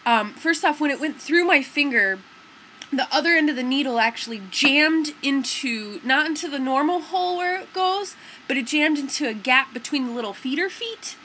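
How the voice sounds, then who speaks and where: A woman's voice: high voice, fairly bright tone, slight background noise, rough recording. A young woman vlogger telling a story to the camera in a rambling, casual way, full of fillers like "like" and "dude".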